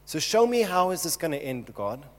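A man's voice: mid-range voice, expressive, normal speed, darkish tone, natural voice. A preacher voicing a pleading, desperate King David. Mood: urgent. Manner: urgent, pleading, repeatedly calling on God. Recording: long hall reverb.

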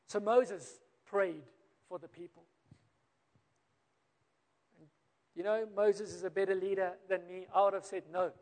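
A man with a South African accent preaching a sermon, telling a story and acting out the quoted voices, rising and then dropping to a quiet close. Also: sits high, fairly even intonation, a little slow, long pauses. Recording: long reverb of a large hall.

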